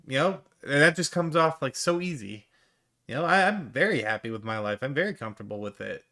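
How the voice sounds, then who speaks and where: A man's voice: on the high side, sing-song, a little fast, sharp tone. A man giving sarcastic, mocking reaction commentary on a stream clip, swearing freely.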